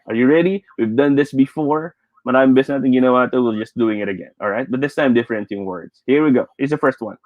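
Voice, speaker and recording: A man with a Filipino accent, teaching a live online English lesson in a playful, lively way and greeting viewers by name. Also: medium pitch, no room sound, dull audio.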